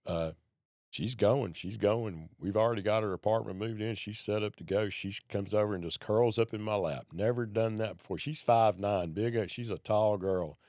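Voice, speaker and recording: A man's voice: fairly low pitch, normal speed, darkish tone, dry recording, clean studio sound. A man, a podcast guest telling a personal story in a folksy, plain-spoken way.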